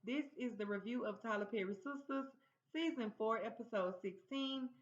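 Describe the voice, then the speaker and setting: A woman's voice: a little high, normal speed. A woman hosting her own channel, casually recapping a TV episode in a chatty storytelling way and acting out the characters' lines. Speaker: TV recap host. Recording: roomy, dull lo-fi sound.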